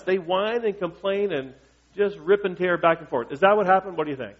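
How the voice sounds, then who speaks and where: Pastor guy preaching, chatty and jokey, somewhat high voice, muffled lo-fi sound. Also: brisk, husky. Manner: conversational, asks the congregation questions, joking. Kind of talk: sermon. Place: church. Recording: dull lo-fi recording.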